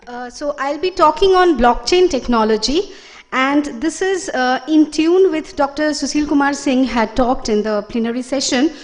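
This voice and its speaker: A woman's voice: high voice, moderate pace. A woman giving a conference presentation as a lecturer, explaining with fillers and self-corrections.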